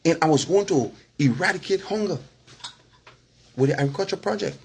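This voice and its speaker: A man's voice: on the high side, expressive, brisk, gravelly, breathy edge. A man with a Liberian English accent, talking casually and with feeling to his followers, often checking in with "you understand?" and chuckling. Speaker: political vlogger and former candidate.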